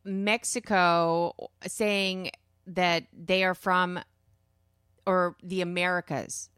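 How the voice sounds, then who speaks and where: Bantering female co-host, lower voice, quick to disagree. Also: little pitch movement, a bit bright, smooth, no echo, clean studio sound. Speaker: podcast co-host. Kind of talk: casual chat.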